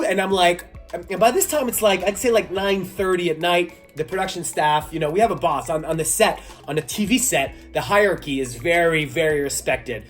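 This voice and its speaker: A man, a magician, telling a story in a casual vlog, animated and laughing as he goes. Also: high-pitched, normal speed, faint music behind. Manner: animated, laughs while telling, acts out voices. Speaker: magician and kids' entertainer.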